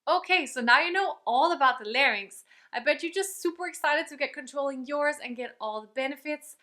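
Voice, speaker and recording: Woman voice teacher, higher pitch, bright tone, chatty and upbeat. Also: brisk. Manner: upbeat and chatty, breaks off to demonstrate sounds. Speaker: vocal coach. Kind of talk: online singing lesson.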